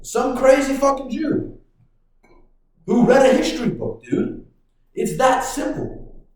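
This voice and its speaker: A man hosting a podcast, ranting casually in a profane, excitable way. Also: extremely high pitch, slow. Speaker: podcast host. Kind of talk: casual rant. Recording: very echoey room.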